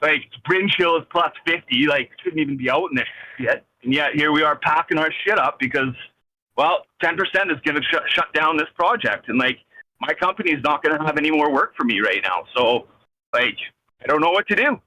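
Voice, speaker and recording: A man's voice: a little high, lively intonation, a little fast, bright, forceful tone, dry recording. A man on a phone call from his vehicle, ranting in an agitated, rambling, swearing way with many restarts. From Canada. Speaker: caller. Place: in a vehicle driving.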